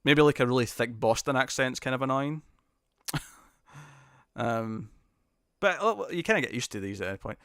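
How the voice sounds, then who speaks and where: A man's voice: mid-range voice, expressive, normal speed, pauses often, a bit bright, no room sound. A man from the UK hosts a live stream, reading out viewer comments in a loose, rambling style. He stammers, restarts his sentences and often chuckles. His voice sits mid-range and is recorded dry and close.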